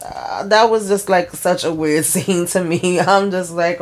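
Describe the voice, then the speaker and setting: A woman's voice: on the low side, unhurried. Chatty woman recapping a show. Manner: loose, chatty storytelling with wry asides. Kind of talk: casual episode recap.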